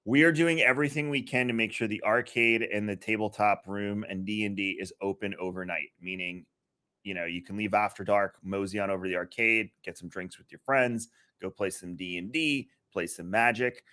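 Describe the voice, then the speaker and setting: A man co-hosting a podcast, chatting casually in a relaxed, rambling way with many fillers. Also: fairly low pitch, brisk. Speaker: podcast co-host and event organizer. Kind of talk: casual chat.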